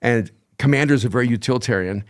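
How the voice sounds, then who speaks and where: Thoughtful older man, measured podcast guest. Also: mid-range voice. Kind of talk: reflective conversation.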